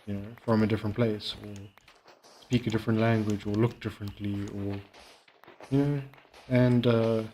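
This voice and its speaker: A man chatting casually while playing a game and reacting to a video, rambling and halting with many fillers. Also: fairly low pitch, a little mellow, a little hiss or hum. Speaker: streamer. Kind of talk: casual gaming commentary.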